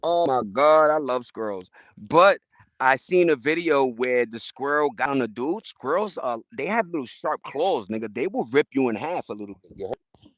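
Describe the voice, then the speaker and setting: New dude streaming outside in a park, slangy and chatty, kinda muffled dry audio. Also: male voice, medium pitch, lively intonation, moderate pace, fairly bright tone, dry recording. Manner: slangy, loose, chatty with repeated asides. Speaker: livestream host. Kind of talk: casual livestream chat with viewers. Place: outdoors in a park.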